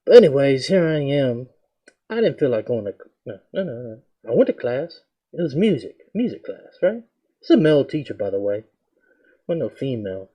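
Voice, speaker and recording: A young man casually telling a story about his school days, slangy and animated, jumping into a higher voice to act out what people said. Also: normal speed, highs cut off. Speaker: reaction video host.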